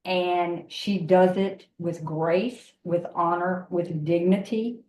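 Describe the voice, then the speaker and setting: A woman gives an emotional, emphatic introduction on a video call and repeats her words as she talks. Her voice is fairly low, and the room behind her is echoey. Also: fairly even intonation, takes it slowly, a little mellow, slight background noise. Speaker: member introducing the speaker. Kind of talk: heartfelt introduction on a group call.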